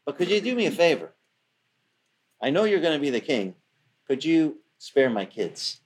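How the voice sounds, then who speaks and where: A man's voice: fairly high pitch, big pitch swings, moderate pace, breathy edge. Man doing a pleading aging king.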